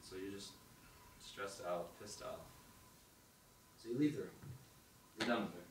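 A young man telling an animated second-person story at an open mic, acting out the thoughts he quotes. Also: low-pitched, a little slow. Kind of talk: storytelling monologue. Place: performance hall. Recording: echoey hall, distant mic, faint noise.

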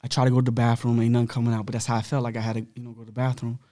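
Blunt guy telling his story on a podcast, lots of slang and cussing, mid-pitched voice, dry sound. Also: completely flat delivery, very fast, warm tone, no echo. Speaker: podcast guest. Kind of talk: candid personal storytelling.

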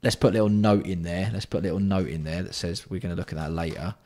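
A man hosting a casual livestream, bantering with chat and swearing freely while keeping his voice fairly hushed. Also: low-pitched, quick pace. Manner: banter-filled, sweary, reads out and answers chat. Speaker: livestream host.

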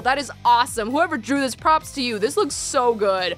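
A young woman streaming a game, gushing and excitable as she comments and reads the text aloud. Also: on the high side, normal speed, few pauses, soft background music. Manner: gushing, excitable, many fillers.

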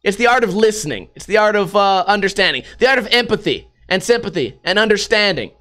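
A man delivering a casual vlog monologue, animated and full of swearing. His voice is high-pitched and bright. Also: fast talker. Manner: profane, animated storytelling with laughs. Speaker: vlogger.

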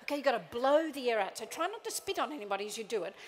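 A middle-aged woman giving a motivational keynote to a live audience at tables. She is playful and animated, acts out little quoted scenes and coaxes the crowd to join in. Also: on the high side, very fast, slight background noise. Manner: coaxing the crowd into joining in. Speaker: motivational speaker.

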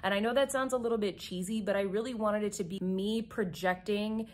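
A woman's voice: medium pitch, fairly even intonation, a little fast, a little mellow. Chatty young woman doing makeup on camera. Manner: chatty, enthusiastic, talks while doing makeup. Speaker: beauty YouTuber. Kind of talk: chatty get-ready-with-me vlog.

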